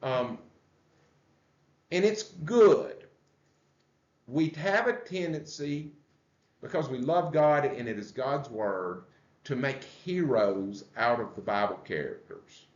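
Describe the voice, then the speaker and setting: A man teaches a church Bible study at a slow, deliberate pace. He stops often to ask the group questions. The recording sounds roomy and a little muffled. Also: medium pitch, expressive. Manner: unhurried, explains and asks the group questions. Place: church room. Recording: echoey room, dull lo-fi sound.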